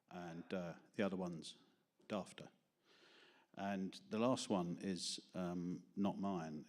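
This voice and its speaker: Man, London accent, slightly low voice, rambling stand-up, chuckles at own jokes, small studio crowd. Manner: self-deprecating, rambling, laughs at own jokes. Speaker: open mic performer. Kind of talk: stand-up comedy and poetry reading. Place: small studio with live audience.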